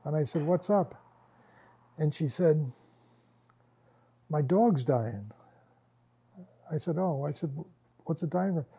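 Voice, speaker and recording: A man presents to a small workshop group, spinning stories casually and with lots of energy. He laughs frequently and performs the quoted lines, his voice a little high and husky.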